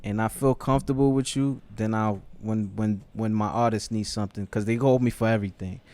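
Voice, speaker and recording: A man's voice: fairly low pitch, steady tone, a little fast, darkish tone. A man, a podcast guest, chatting casually and venting emphatically, often tacking "man" onto his sentences. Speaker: podcast guest, music label executive.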